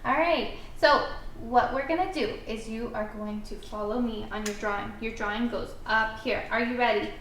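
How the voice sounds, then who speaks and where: A woman teacher guiding a young child through writing, with animated, encouraging step-by-step prompts. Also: on the high side, moderate pace, slight background noise. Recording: echoey room, mic at a distance.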